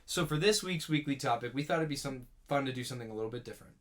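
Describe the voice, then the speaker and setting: A man's voice: mid-range voice, racing. A young man co-hosting a podcast in casual chat, blunt and jokey in a laid-back way. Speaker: podcast co-host.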